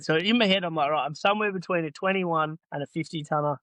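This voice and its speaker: Animated Australian man telling stories. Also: fairly high pitch, rapid-fire, hardly any pauses, dry recording. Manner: animated, acts out both sides of conversations. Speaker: podcast guest, earthmoving business owner. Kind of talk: casual storytelling.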